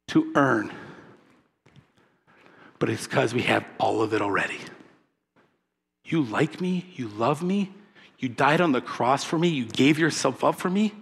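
A man's voice: mid-range voice, gravelly, a bit bright, husky. A male pastor preaching an impassioned, emphatic sermon and calling for responses from his congregation. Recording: long reverb of a large hall.

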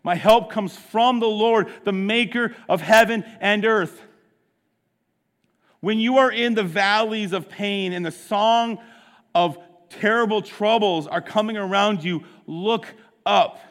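Slow, high-voiced preacher in a reverberant hall. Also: male voice. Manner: impassioned, rising from hushed to loud. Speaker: pastor. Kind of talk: sermon. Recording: long reverb of a large hall.

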